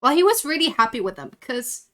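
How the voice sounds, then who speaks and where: A woman's voice: sits high, big pitch swings, brisk, sharp tone. A woman with a Dutch accent, a streamer telling stories in casual chat, rambling with many restarts. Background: faint background music.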